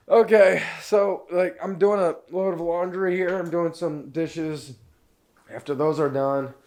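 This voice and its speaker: A man's voice: a little high, darkish tone. A middle-aged man vlogging on his last day at his cabin, choked up and sighing as he talks to himself. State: tearful. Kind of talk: emotional personal vlog.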